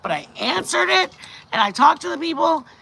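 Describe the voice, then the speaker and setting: A woman's voice: high voice, a little fast, gravelly, rough recording. Middle-aged female vlog host, chatty and rambling, faint hum behind her. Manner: rambling, animated, bursts of loud laughter. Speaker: channel host. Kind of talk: casual live-stream chat.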